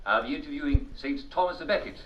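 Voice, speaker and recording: A man's voice: fairly high pitch, expressive, fast, a little hiss or hum, natural voice. An actor playing an upbeat, showy male talk show host with an English accent and chuckling TV patter. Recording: roomy, distant, dull game audio.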